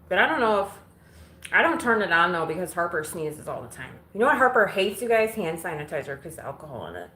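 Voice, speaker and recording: In this casual live stream, an Illinois woman with a lowish, slightly bright voice handles household chores while replying to viewer comments in a blunt, relaxed way, swearing here and there. The setting is her home kitchen and living room, windows open, captured as roomy audio with a little background noise.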